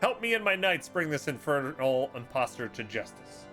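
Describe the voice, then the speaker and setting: A stern, proud knight commander issues orders in formal, old-fashioned speech, as a man reads him aloud. His voice is bright and pointed. Faint game music runs behind. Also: mid-range voice, very animated, normal speed.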